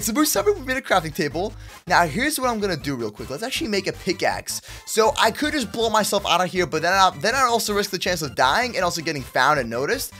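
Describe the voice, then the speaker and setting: A man's voice: high voice, pushed and bright. A man hosting Minecraft gameplay commentary, hyped and slangy, talking straight to his viewers. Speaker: gaming YouTuber.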